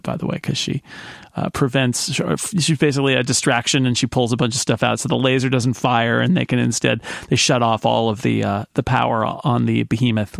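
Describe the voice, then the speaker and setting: A man's voice: mid-range voice, gravelly, no echo, clean studio sound. A man hosting a casual podcast chat, recapping a series in a rambling way with lots of restarts. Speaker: podcast host.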